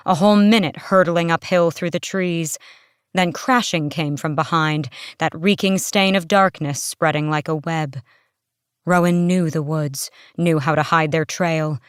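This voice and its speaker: A woman narrating a fantasy novel aloud in a measured, expressive storybook reading. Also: on the low side, clear, resonant tone, dry recording, clean studio sound. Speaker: audiobook narrator.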